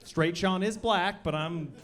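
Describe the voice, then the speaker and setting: A young man doing a stand-up comedy set, with deadpan delivery that breaks into loud shouted bits. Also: sits high, unhurried. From Colorado. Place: comedy club stage. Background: audience laughter.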